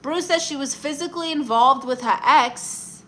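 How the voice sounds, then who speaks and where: A woman's voice: high-pitched, lively intonation, moderate pace, few pauses, pushed and bright. A woman with a Brooklyn accent hosting a comic livestream. She reads viewer comments and gives blunt, sassy advice, calling people honey.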